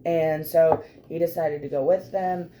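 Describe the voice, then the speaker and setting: A woman co-hosting a podcast, animatedly recapping a tabletop game, laughing often and swearing casually, her voice a little hoarse from laughter. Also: deep voice, fairly even intonation, a little slow, noisy background.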